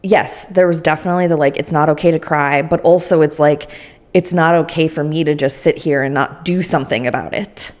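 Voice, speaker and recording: A woman's voice: sits low, fairly even intonation, brisk, a little mellow. A woman co-hosting a podcast in casual chat, laughing often and acting out quoted voices. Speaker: podcast co-host. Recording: uneven sound quality.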